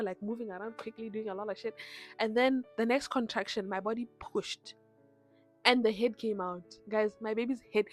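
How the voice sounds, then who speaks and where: A young woman telling her birth story in a vlog, animated and acting out the people she quotes. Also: fairly high pitch. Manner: animated retelling with quoted voices. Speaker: vlogger.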